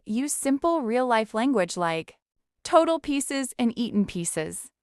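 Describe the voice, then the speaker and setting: A woman narrating a scripted parenting lesson, calm and measured, guiding step by step. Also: fairly high pitch, clean tone, no echo, studio quality. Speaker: parenting educator.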